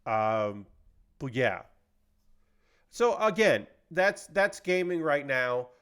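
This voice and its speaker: A man's voice: fairly high pitch, very animated, slow pace, a bit bright, clear, resonant tone. A man hosting a live stream, chatting casually while building a model kit, rambling with lots of fillers. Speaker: livestream host.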